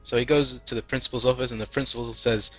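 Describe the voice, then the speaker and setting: Brief: man telling a long joke to friends, rambling, mid-pitched. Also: fairly even intonation, fast, a bit bright, dry recording, faint music behind, low-quality recording. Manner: rambling, many fillers and restarts, laughing.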